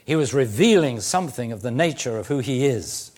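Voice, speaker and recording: A man preaching a sermon, teaching slowly and deliberately with emphatic phrasing and occasional fillers. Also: mid-range voice, expressive, a little mellow. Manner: occasional throat clearing and "uh" fillers.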